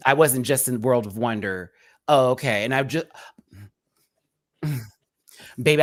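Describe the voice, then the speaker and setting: A man's voice: medium pitch, fairly bright tone. A man hosting a live review show who rants at a critic in a sassy, cutting way, throwing out pet names like sweetie and baby. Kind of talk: live confrontational rant to a critic.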